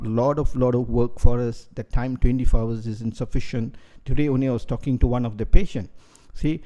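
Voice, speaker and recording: Dark-voiced man lecturing on coffee. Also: mid-range voice. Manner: rambling and lecturing, restarts and asks himself questions. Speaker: doctor promoting coffee products. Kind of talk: casual health and product talk.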